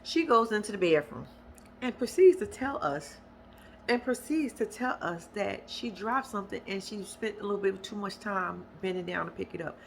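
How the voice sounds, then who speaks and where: A woman's voice: mid-range voice, lively intonation, normal speed, vocal fry, a little hiss or hum. A young woman giving a sassy, slangy recap of a reality show, mimicking the cast in squealing voices. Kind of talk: casual recap commentary.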